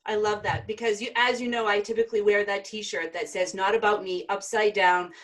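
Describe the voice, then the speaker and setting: A woman's voice: mid-range voice, little pitch movement, a little fast, poor audio. A woman from Maine hosting a live virtual sales event over a video call, introducing guests with enthusiasm. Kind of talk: upbeat live webinar hosting.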